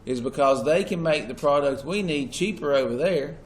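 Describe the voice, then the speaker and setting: A man's voice: a little high, expressive, moderate pace. A man lecturing a class as their teacher, asking questions and stressing key words. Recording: echoey classroom with faint noise.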